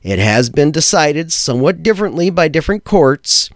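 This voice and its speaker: A man hosting a podcast, giving blunt, opinionated commentary with a sardonic edge. He swears for emphasis and slows down to hit the key phrases. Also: fairly high pitch, very animated, no echo, clean studio sound. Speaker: podcast host. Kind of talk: opinionated tech and law commentary.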